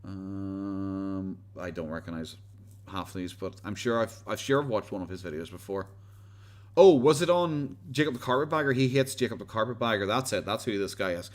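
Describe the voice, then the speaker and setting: A man's voice: on the low side, moderate pace. Sarcastic Irish man streaming. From Ireland. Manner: rambling, sarcastic, stumbling restarts. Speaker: livestream host. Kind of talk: casual commentary livestream.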